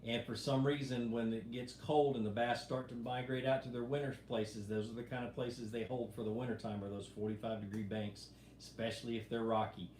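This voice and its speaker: A middle-aged man, hosting a casual live fishing stream, reading viewer questions and answering in a relaxed, rambling way. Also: medium pitch, brisk, hardly any pauses. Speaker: fishing show host answering live chat. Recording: echoey room with faint background hum.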